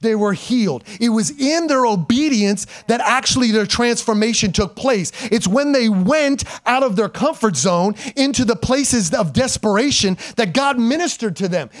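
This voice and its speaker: Brief: middle-aged male pastor, high voice, animated sermon with call-and-response, dynamic swings from loud to quiet. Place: church sanctuary before a congregation.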